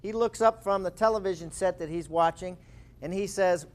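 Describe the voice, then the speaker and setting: 50s guy giving a motivational talk, lively storyteller, pretty high voice. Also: normal speed. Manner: lively storytelling with acted-out quotes. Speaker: speaker. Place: live presentation room.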